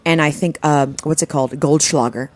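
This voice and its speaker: Brash low-voiced woman from Kentucky. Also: fairly quick. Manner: brash, lively storyteller. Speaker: guest. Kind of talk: casual chat.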